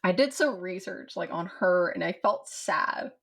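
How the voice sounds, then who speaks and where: A woman's voice: fairly low pitch, lively intonation, measured pace, vocal fry. A woman from the States, co-hosting a podcast in casual chat, rambling with fillers. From southern United States. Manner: rambling, with many fillers and restarts. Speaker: podcast co-host. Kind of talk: casual chat about a film.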